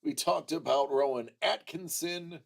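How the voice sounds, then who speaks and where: A man hosting a casual livestream, chatting with viewers in an unhurried way, with frequent restarts and fillers. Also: fairly high pitch, vocal fry. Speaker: livestream host.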